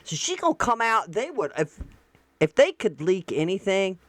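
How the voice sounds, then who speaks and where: A woman's voice: medium pitch, very animated, normal speed, no room sound. Blunt folksy woman host, dry sound. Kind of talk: casual political commentary.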